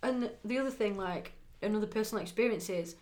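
A woman's voice: medium pitch, quick pace, a little mellow. Woman co-host, English, casual rambling chat, mid-range voice. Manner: chatty, rambling, lots of "like" fillers. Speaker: podcast co-host.

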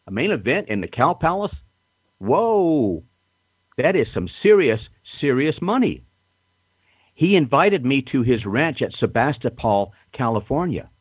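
An older man telling stories in a casual interview, self-assured and animated, acting out other people's lines. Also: mid-range voice, measured pace, breathy edge, no echo. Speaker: guest storyteller. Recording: muffled phone-line audio.

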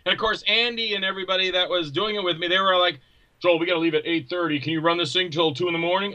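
A man talking as a guest filmmaker in casual chat, an animated storyteller who acts out quoted voices loudly. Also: sits high, fast talker, poor audio.

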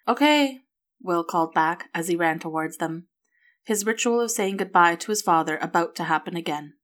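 A woman narrating a story aloud in an even, steady manner. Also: lowish voice, a little fast.

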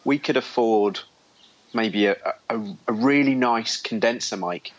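A man's voice: medium pitch, unhurried. A man co-hosting a podcast in casual, joking chat, heard over a remote call. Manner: joking, playful. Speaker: podcast co-host. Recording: muffled call audio.

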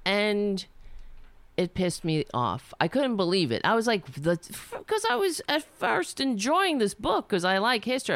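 A woman's voice: fairly low pitch, no room sound. A woman telling a personal story in a rambling, indignant way, swearing and trailing off.

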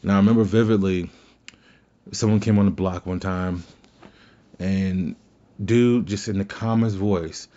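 A man's voice: deep voice, steady tone, measured pace, pauses often, warm tone, lo-fi sound. A man hosting his own show, talking through his thoughts in a rambling way and often restarting his sentences. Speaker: podcast host. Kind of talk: casual solo commentary.

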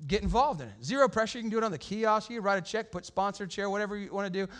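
A male pastor preaching a conversational sermon in church, acting out quotes with lively swings of voice. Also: high-pitched, rapid-fire. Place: church sanctuary.

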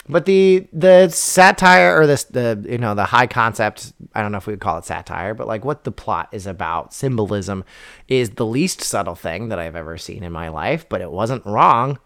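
A man's voice: medium pitch, animated, normal speed, fairly bright tone, clean tone. A young man chatting casually as a podcast co-host, rambling and wry, with lots of fillers and restarts. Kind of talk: casual chat.

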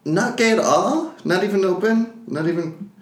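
A man's voice: high-pitched, normal speed, roomy sound. Playful joking man on a podcast. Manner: playful, joking, lively storytelling. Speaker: podcast co-host. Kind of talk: casual chat.

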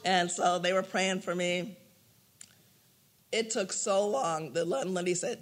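A man's voice: high-pitched, normal speed, creaky. An older man teaching a prayer class in an informal way, telling personal stories, acting out what people said and laughing often. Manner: animated storyteller, laughs often, acts out quotes.

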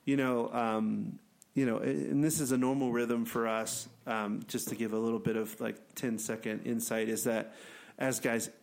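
A man from a Christian wilderness program telling an animated story in casual chat, laughing often and acting out what people said. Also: mid-range voice, moderate pace, vocal fry. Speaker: wilderness ministry program leader.

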